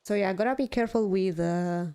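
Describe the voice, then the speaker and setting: A woman's voice: medium pitch, a little fast, dark tone, clean tone. A young adult woman live streaming, chatting casually, swearing now and then and poking fun at herself. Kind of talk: casual chat while gaming.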